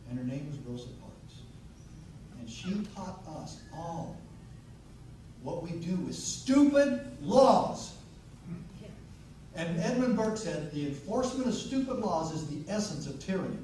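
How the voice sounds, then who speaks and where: A man's voice: very animated, moderate pace. Fiery male rally speaker, echoey and distant. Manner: preacherly, swings from low storytelling to loud rousing declarations. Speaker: former sheriff, rally speaker. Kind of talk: impassioned rally speech, storytelling. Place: outdoor rally through a PA. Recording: echoey PA sound from far off with background noise.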